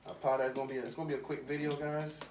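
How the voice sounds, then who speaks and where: A man, excitedly chatting through an unboxing video while slightly out of breath. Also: medium pitch, very fast, a little hiss or hum. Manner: excitable, chatty, says "man" and "y'all" a lot. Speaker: RC car channel host. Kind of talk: casual unboxing vlog.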